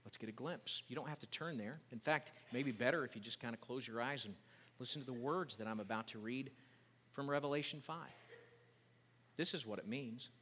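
A man's voice: medium pitch, fairly quick, big-room sound, a little hiss or hum. A male pastor preaching a sermon, explaining scripture and reading it aloud with growing intensity. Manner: builds from calm teaching to loud impassioned preaching.

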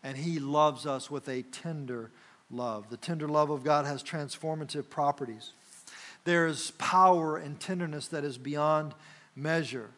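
High-voiced man preaching a sermon. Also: fairly bright tone. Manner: preaching with dramatic pauses and rising emphasis. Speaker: pastor.

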